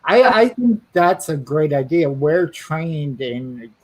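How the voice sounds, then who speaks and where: A man's voice: a little high, big pitch swings, takes it slowly, darkish tone, poor audio. A man hosting an interview chat as a therapist, easygoing and agreeable, over a video call. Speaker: therapist and show host.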